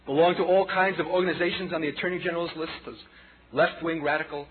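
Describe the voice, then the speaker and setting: A man in his forties preaching a personal testimony sermon, impassioned and dramatic, swinging between hushed passages and loud outbursts. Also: on the high side, level tone, fast talker. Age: 40s. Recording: tinny lo-fi sermon tape with audience noise.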